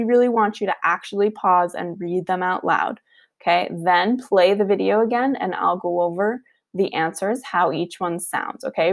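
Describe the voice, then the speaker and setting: A woman teaching a recorded online lesson, patient and repetitive, sounding out words slowly and checking in with "okay". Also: fairly low pitch. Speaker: Arabic teacher.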